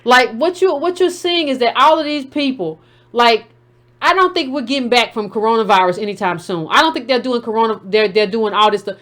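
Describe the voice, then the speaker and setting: A woman host with a high-pitched voice and talks back to a caller. She is blunt and combative and repeats herself to keep the floor. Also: animated, brisk, a bit bright. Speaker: show host taking calls. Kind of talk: heated call-in show commentary.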